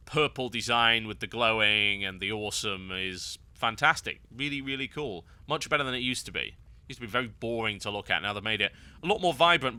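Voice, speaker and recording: A man's voice: fairly low pitch, pushed and bright, no echo. A man hosting a game guide, giving wry, sarcastic gameplay commentary.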